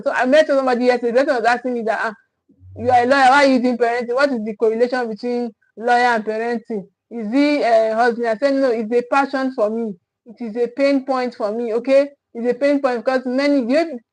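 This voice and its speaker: A woman's voice: high voice, rough recording. A woman giving a motivational parenting talk as a coach, emphatic and repetitive in a preacher-like way.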